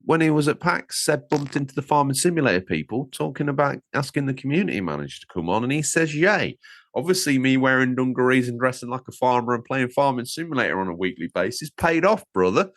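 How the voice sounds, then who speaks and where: A man co-hosting a gaming podcast, bantering in a jokey, animated way and laughing at himself. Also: mid-range voice, quick pace, few pauses, dry recording. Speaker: podcast co-host. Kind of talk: casual banter.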